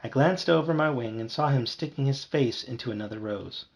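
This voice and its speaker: A man reading a children's book aloud in a lively storytelling manner. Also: fairly quick, creaky. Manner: lively, voices characters with higher shouts. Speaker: audiobook reader.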